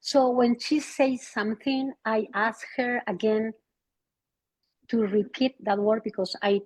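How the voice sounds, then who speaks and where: A woman's voice: a little high, steady tone, measured pace, darkish tone, dry recording, poor audio. Hesitant, apologetic middle-aged woman. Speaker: parent asking a question. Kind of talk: casual question on a video call. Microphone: video call.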